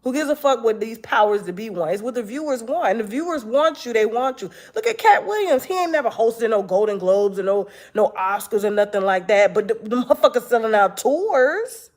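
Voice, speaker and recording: A woman hosting an online talk show, telling stories to her viewers in a casual, animated and profane way and acting out what other people said. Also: a little high, fairly quick, hardly any pauses. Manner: animated storytelling, acts out quotes, profane.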